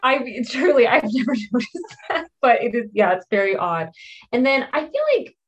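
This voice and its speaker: A woman's voice: on the high side, moderate pace. A young woman co-hosting a casual podcast, telling stories with giggles between her words. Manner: animated storyteller, giggly. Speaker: podcast co-host. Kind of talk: casual chat.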